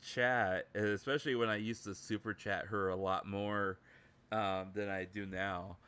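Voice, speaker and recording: A man hosts a laid-back livestream in an unhurried, meandering way. His voice is bright and clean, with a smooth, clear tone. He fills his sentences with stray words and restarts as he goes. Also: on the low side, little pitch movement. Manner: rambling, heavy use of fillers. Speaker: livestream host. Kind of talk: casual livestream chat.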